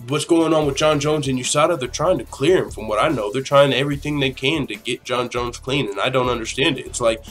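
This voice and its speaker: A man's voice: medium pitch, a bit bright. A man in his twenties hosting a casual podcast Q&A, talking in a rambling, opinionated way and swearing freely. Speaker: podcast host.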